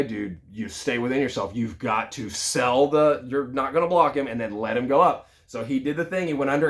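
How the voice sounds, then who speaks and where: A man in his thirties with a mid-range voice tells a personal story in a relaxed, conversational way. His delivery is lively and full of casual fillers, like a sales leader talking to his team. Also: mid-range voice.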